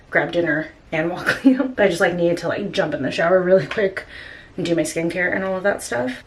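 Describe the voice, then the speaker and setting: A woman's voice: on the low side, a little hiss or hum. Chatty young woman vlogging. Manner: chatty, many "like" fillers. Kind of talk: casual vlog storytelling.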